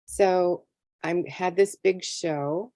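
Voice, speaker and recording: A woman's voice: on the low side, extremely slow, dark tone, dry recording. A middle-aged woman, a tarot artist, telling a story in a casual interview and acting out her own reactions. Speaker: tarot deck artist and guest.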